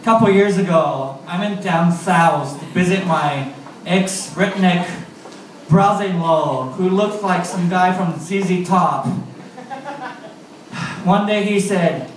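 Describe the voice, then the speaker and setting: A man from Japan with a Japanese accent doing stand-up in a live comedy club, telling halting stories and laughing through his punchlines. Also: sits high, slight background noise. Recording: echoey club audio from far off.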